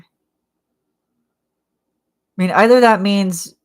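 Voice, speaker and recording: A woman chatting casually to her channel in a lowish voice. She talks slowly and rambles, with plenty of filler words and quick laughs. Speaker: channel host. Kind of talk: casual monthly chat vlog.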